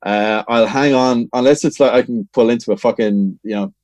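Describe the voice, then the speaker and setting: An Irish man talking casually as a podcast guest, his voice sitting at an ordinary pitch. He tells stories with lots of swearing and a lively edge. The sound is dry and close, with no room around it. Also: normal speed, dry recording. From Ireland. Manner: swears freely, animated storytelling. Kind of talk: casual chat.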